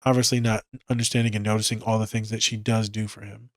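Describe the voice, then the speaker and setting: A man's voice: fairly low pitch, flat delivery, fast, no echo, studio quality. Tired, casually profane man podcasting. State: tired, yawning. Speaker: podcast host, therapist. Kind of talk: casual solo podcast talk.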